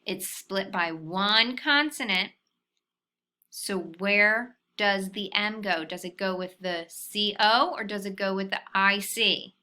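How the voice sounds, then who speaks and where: Slow, patient woman teaching phonics. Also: mid-range voice, bright, forceful tone, clean tone. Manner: slow, patient, sounding out syllables. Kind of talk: phonics lesson for young children.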